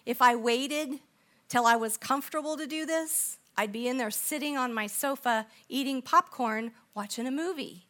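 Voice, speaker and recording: Woman preacher, middle-aged, fairly high voice, bright tone, animated storytelling sermon. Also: moderate pace. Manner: animated, acts out quoted voices, drops to soft intense tones.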